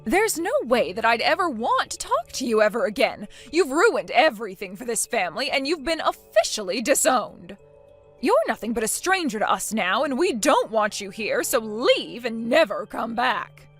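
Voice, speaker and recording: A woman voicing a scornful mother-in-law in a text-message story, bossy and demanding, with soft music behind. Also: a little high, big pitch swings, normal speed, breathy edge. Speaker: story character.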